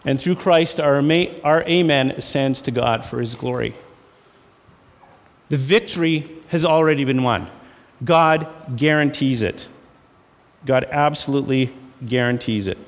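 A man's voice: medium pitch, measured pace, long reverb tail. A man preaching a sermon, emphatic and repetitive, shifting into folksy storytelling with casual fillers. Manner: emphatic, repeats phrases for effect. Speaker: pastor.

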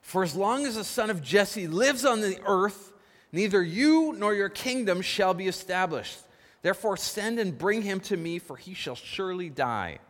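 A man voicing an old king furiously cursing his son, shouting with scorn. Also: sits high, lively intonation, normal speed, pitched above the performer's own voice. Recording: long reverb of a large hall.

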